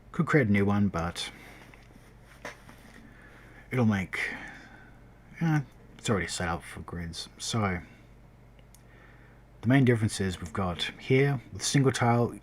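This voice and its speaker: A man's voice: low voice, a little hiss or hum. A man streaming game development, chatting casually as he works and often correcting himself mid-sentence. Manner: rambling, self-correcting, talking while working. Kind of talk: casual tutorial livestream.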